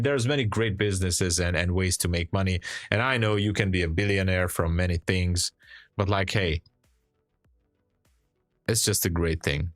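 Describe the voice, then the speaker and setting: A man's voice: sits low, fairly bright tone, no echo, studio quality. A man hosting a day trading livestream, sleepy and rambling in a loose, chatty way. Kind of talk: casual live stream chat.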